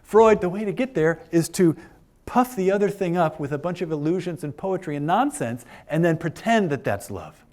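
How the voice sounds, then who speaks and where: A man's voice: on the high side, lively intonation, moderate pace, a little mellow. A man giving an informal philosophy lecture to a class of older adults, chatty and joking with frequent fillers. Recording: lecture room.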